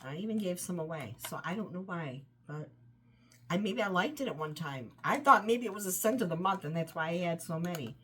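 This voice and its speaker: A woman's voice: on the low side, animated, brisk, sharp tone, a little hiss or hum. Chatty woman reviewing home scents. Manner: rambling, enthusiastic, trails off often. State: voice tiring, run down. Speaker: home fragrance vlogger. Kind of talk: casual product review.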